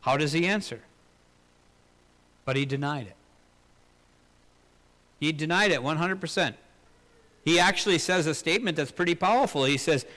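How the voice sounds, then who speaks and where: Bright-voiced preacher in a reverberant hall. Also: male voice, normal speed, pauses often. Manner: earnest, rhetorical questions, swells louder then drops low. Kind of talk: sermon.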